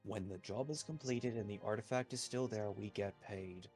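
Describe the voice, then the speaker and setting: A man playing a tabletop role-playing game, arguing in character in a blunt, profane and forceful way. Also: on the low side, moderate pace, soft background music.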